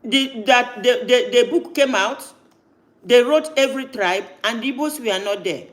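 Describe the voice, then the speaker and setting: A man's voice: very high voice, a little slow, fairly bright tone. A man hosting a live stream, talking insistently and cutting in with repeated no's. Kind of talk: heated live-stream talk.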